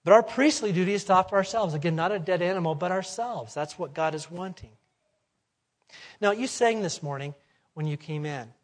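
A man preaching a sermon in a fairly high voice. He presses each point with rhetorical questions and swings from forceful to hushed. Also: fairly quick. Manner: emphatic, rhetorical questions, swings between loud and soft.

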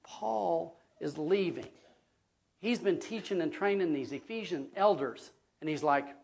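A man's voice: fairly high pitch, unhurried, vocal fry, a little mellow, slight background noise. A man preaching a sermon as pastor, earnest and conversational, often checking in with his listeners.

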